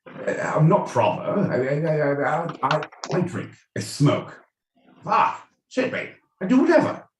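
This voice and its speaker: A man's voice: on the high side, big pitch swings, a little slow, echoey room, far from the mic, background noise, pitched above the performer's own voice. Man putting on a rowdy cockney bloke. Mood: boozy bragging. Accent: put-on Cockney. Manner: loud, rowdy, boastful. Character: crass boozy London Cockney man.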